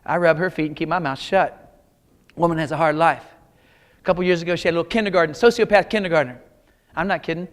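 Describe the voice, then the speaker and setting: In a large auditorium, a middle-aged man from Kansas gives a motivational keynote built on storytelling, telling folksy jokes and addressing the audience directly. His voice is fairly high and fast, broken by long pauses.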